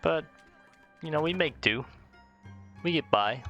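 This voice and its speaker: Gravelly-voiced gamer, casual and profane. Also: male voice, fairly high pitch, animated, a little slow, sharp tone, dull audio, faint music behind. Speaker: let's play host. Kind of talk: casual game commentary.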